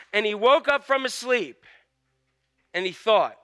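Male pastor, high clear voice, animated sermon storytelling. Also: unhurried, long pauses. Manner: animated storytelling, acts out scenes.

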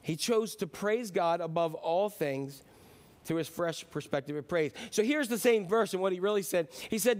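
A man preaching a sermon as pastor, telling a joke with lively character voices. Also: high-pitched, normal speed. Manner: animated storyteller, voices characters.

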